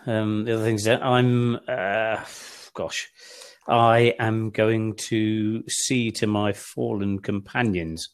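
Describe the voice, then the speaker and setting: A man takes his turn in a tabletop role-playing game and works through his character's actions step by step. His voice sits fairly low, and he talks slowly, with fillers as he thinks. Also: steady tone, clean tone. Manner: deliberate, thinking aloud with fillers. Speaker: player. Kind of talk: casual tabletop role-play.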